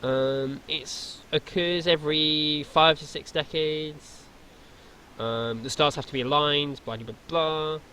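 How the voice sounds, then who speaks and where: A man's voice: on the high side, fairly even intonation, slow, sharp tone, a little hiss or hum. A man running a tabletop role-playing game, explaining lore in a rambling way with lots of fillers. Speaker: game master.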